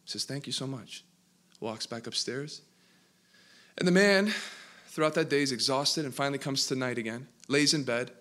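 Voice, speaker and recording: A male preacher telling a parable from the pulpit, his voice bright and forceful. He builds the story dramatically, slowing down and then surging in volume at the tense moments. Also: mid-range voice. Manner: dramatic, building narration with sudden bursts. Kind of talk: sermon storytelling.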